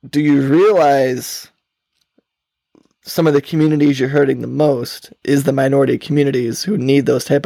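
A man's voice: fairly high pitch, gravelly, darkish tone, dry recording, studio quality. A man co-hosting a podcast, rambling through casual talk with frequent swearing and laughter. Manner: rambling, profane, laughs often. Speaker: podcast co-host.

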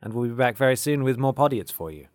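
A jokey man co-hosts a casual podcast. His voice bounces around a lot in pitch. It is recorded dry and close. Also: lively intonation, quick pace, dry recording. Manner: playful, jokey, breaks into silly sounds. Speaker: podcast co-host.

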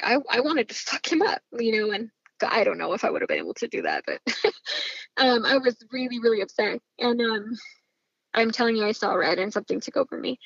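Higher-voiced woman recalling a night. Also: vocal fry, a bit bright, breathy edge, no room sound, dull audio. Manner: casual, rambling, many fillers. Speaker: interviewee. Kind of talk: emotional personal recollection.

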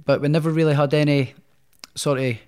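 Here the Scottish boxer speaks a little high and a little quickly, with a smooth, darkish tone and not much pitch movement. As an interview guest he wanders through his story casually, full of fillers, restarts and jokes at his own expense.

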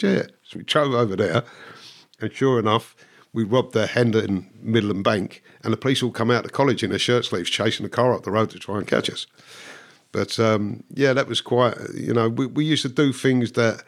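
A man's voice: mid-range voice, moderate pace. A man, a guest who tells his stories bluntly, swears and laughs at himself. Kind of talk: casual storytelling.

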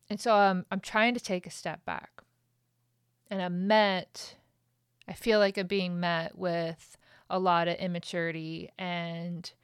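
A woman's voice: lowish voice, clear, resonant tone, dry recording, studio quality. A woman hosting a podcast, talking candidly and emotionally in a raw, venting monologue that swears freely. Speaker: podcast host.

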